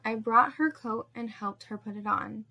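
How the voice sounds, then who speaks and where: A woman reads a first-person story aloud at a steady, measured pace. Her voice sits somewhat high with a noticeable gravelly fry. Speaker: story narrator.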